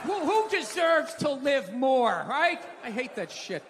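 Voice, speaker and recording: A middle-aged American man doing stand-up, sarcastic, swinging between mumbling and shouting. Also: extremely high pitch, big pitch swings, slow. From United States. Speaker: stand-up comedian. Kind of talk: stand-up routine. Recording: reverberant hall with loud crowd noise.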